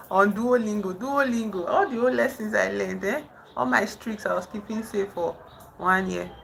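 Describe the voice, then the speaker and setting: A woman casually chatting on a livestream with viewers, haltingly trying out French phrases. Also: mid-range voice, vocal fry, sharp tone, a little hiss or hum, poor audio. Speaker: livestream host. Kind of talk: casual live chat with viewers. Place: indoors in the dark at night.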